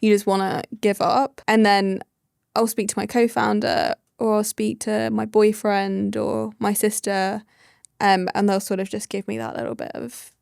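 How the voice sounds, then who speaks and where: A woman's voice: mid-range voice, flat delivery, measured pace, vocal fry, darkish tone, clean tone, no room sound, studio quality. A young woman, a startup founder, chatting casually as a podcast guest and filling her talk with "like". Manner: chatty, full of "like" fillers.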